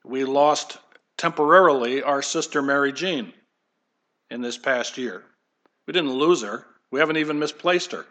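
A man's voice: mid-range voice, a bit bright. A man preaching a conversational sermon to his congregation, with light humor and asides. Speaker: pastor.

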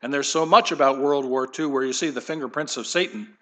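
A man's voice: mid-range voice, brisk, sharp tone. A man preaching a sermon in church, talking in a conversational, digressive way and speaking straight to the congregation and the kids. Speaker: pastor.

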